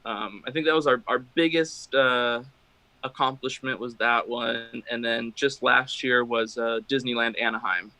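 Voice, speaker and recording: A man's voice: mid-range voice, fairly even intonation, measured pace, sharp tone, dry recording, rough recording. A man, a guest drum maker, talking casually in an interview with many fillers and restarts.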